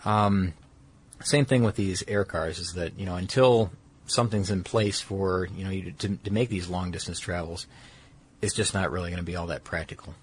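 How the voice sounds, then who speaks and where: A man's voice: low voice, fairly even intonation, moderate pace, breathy edge. A man explaining a technology in casual conversation, rambling and correcting himself with many fillers.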